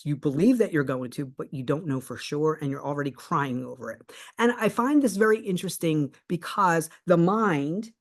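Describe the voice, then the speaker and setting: A coach speaking at a middling pitch, earnestly pressing each point home. They slow to a crawl on the ideas they want to land, then pick up again while telling the story. It is a lively, animated telling that acts out both sides of a phone conversation. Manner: earnest and emphatic, slowing right down on key points. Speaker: manifestation coach. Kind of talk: motivational talk with a personal story.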